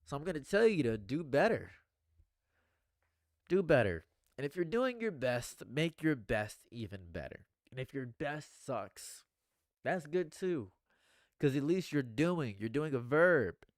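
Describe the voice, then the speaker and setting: A man's voice: on the high side, unhurried, no echo, studio quality. Earnest rambling man on a livestream. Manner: earnest, repetitive, swings from hushed to excited. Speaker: commentary streamer.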